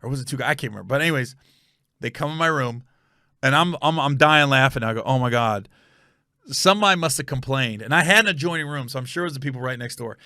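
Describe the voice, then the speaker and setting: A man hosting a comedy podcast, telling a funny story with animated energy and loud reenactments. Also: fast, no room sound, clean studio sound. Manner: animated storyteller, bursts into high shouted yelling when reenacting.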